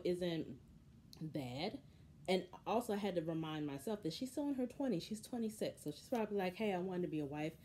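A woman hosting a casual recap of a reality show, telling the story in an animated, opinionated way. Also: fairly low pitch, a little hiss or hum.

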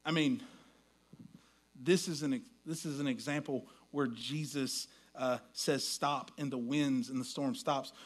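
A man preaching a sermon as pastor, folksy and storytelling, dropping to a hush and rising to loud quoted lines. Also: on the high side.

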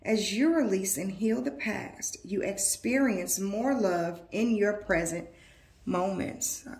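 A woman giving an intuitive tarot reading to her viewers, earnest and emotional, with slow, emphatic affirmations. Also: mid-range voice, a little mellow, roomy sound. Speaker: tarot reader.

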